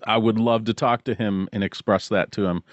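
A man's voice: fairly low pitch, fairly even intonation, a little fast, no echo. A man co-hosting a podcast in casual chat, rambling and searching for words. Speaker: podcast co-host. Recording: dull, dry podcast mic.

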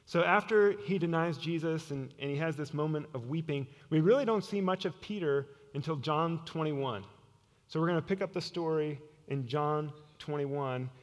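A man preaches in a slightly high voice that sounds earnest. He often sinks to a near hush to stress a point. His words ring out with a long reverb in a large church hall. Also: moderate pace. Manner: earnest, drops to hushed tones for emphasis. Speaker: pastor. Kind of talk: sermon.

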